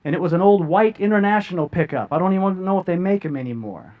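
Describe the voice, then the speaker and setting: A middle-aged man, speaking as a guest, earnestly recounts a personal story in a high-pitched voice with lively intonation and a quick pace. He often repeats words, and the recording is dull and lo-fi.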